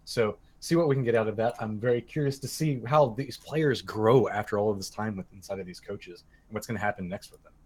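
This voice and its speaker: Fast-talking upbeat esports caster man. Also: fairly low pitch, darkish tone. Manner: upbeat, hype-building. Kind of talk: casual esports casting chat.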